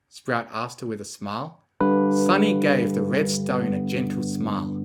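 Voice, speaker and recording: A narrator reading romantic fanfiction aloud as a bedtime story, calmly and expressively. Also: mid-range voice, a little slow, slightly rough, soft background music. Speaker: fanfiction reader.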